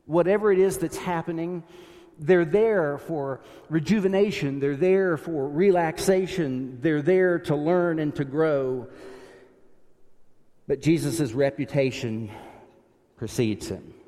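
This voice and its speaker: A male preacher delivering a sermon from the pulpit at a slow, unhurried pace, his slightly high voice lingering in a church's long reverb. He speaks reflectively and lets his voice fall soft and low when he prays aloud. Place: church sanctuary behind a pulpit.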